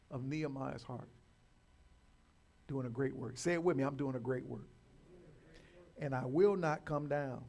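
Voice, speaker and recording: A male pastor preaching a sermon, swinging from loud declarations to quiet, drawn-out lines and calling the congregation to repeat phrases after him. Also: on the high side. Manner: repeats and restarts words.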